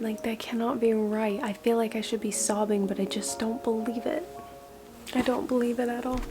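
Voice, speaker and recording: A young woman filming herself at home for a casual reading vlog, gushing over a book with big dramatic reactions that often sink to a hushed murmur. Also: a little high. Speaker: book vlogger. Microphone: camera mic.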